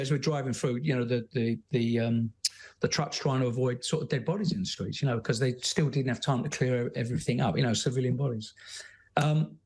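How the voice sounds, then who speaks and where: A man's voice: mid-range voice, a little mellow. A man, a guest telling his story bluntly, with many fillers and restarts. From London, England. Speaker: guest, former soldier and author. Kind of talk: candid conversational storytelling.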